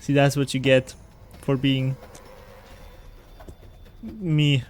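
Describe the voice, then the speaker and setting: A man's voice: mid-range voice, drawn-out words. A man chatting casually as he plays through a game on stream, joking and talking to himself and his viewers. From Britain. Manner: animated, jokey, talks to himself and chat. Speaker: gaming streamer. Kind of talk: casual let's-play commentary.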